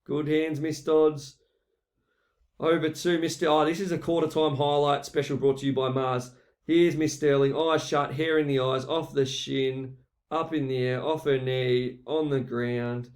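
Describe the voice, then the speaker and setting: A man with a voice slightly high for a male narrates a video like a football commentator, teasing and lively. His quick, playful delivery is packed with one-liners as jokey mock commentary.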